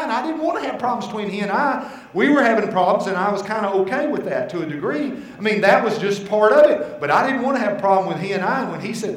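A male pastor preaching a sermon, telling personal stories with animated asides and quoted dialogue. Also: high-pitched, reverberant, poor audio. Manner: animated storytelling, voicing God and his wife in asides.

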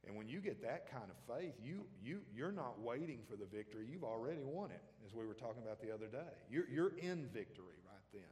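A man's voice: medium pitch, big pitch swings, fairly quick, few pauses, a little mellow, big-room sound. A man preaching a sermon as pastor, talking conversationally and throwing questions out to the congregation.

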